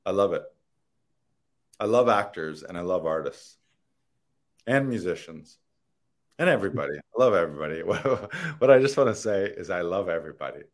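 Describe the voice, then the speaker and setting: A man's voice: sits low, lively intonation, normal speed, pauses often. A man, an actor, talking in a rambling, earnest and playful way in a casual interview, laughing and swearing now and then. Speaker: actor guest.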